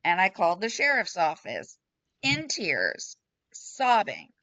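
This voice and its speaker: A support group member shares her story in a group chat from home over a video call, frank, emotional, blunt, and self-deprecating. Her medium-pitched voice is slow and sharp, with huge pitch swings and no echo. Audio from her computer mic sounds slightly dull.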